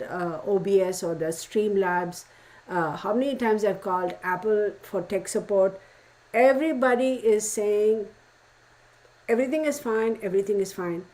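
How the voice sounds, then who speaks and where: A woman's voice: mid-range voice, dark tone, low-quality recording. A woman hosting a live stream, talking casually to her viewers in a frustrated, rambling way with many restarts and lots of "y'all.". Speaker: tarot channel host greeting live chat viewers. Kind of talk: casual livestream chat.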